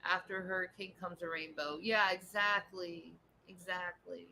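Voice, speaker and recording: A woman's voice: lowish voice, steady tone, normal speed, vocal fry, bright, forceful tone, a little hiss or hum, low-quality recording. A woman chatting casually on a home livestream, answering viewer comments, laughing often and cooing at her pet.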